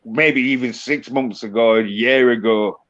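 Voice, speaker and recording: A man's voice: medium pitch, steady tone, measured pace, a bit bright. Yorkshire man, crude casual chat, lo-fi. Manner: crude, swears a lot, drawls. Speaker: host. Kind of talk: casual banter. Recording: dull lo-fi sound.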